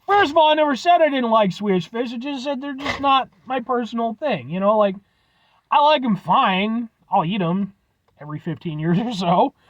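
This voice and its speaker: A man's voice: extremely high pitch, lively intonation, moderate pace, dry recording, lo-fi sound. A man reviewing snacks on his vlog, rambling and joking, swearing casually as he signs off. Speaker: food review vlogger.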